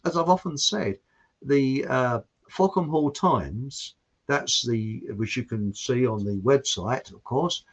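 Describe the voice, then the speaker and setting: A man's voice: mid-range voice, fairly bright tone. An older man hosting a rambling, jokey monologue, chatty and often breaking off his own story. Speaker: host. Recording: dull lo-fi sound.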